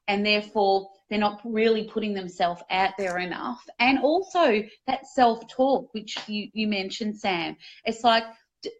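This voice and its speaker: A woman, a guest in a conversational interview, talking candidly and energetically about speaking, with casual swearing. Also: medium pitch.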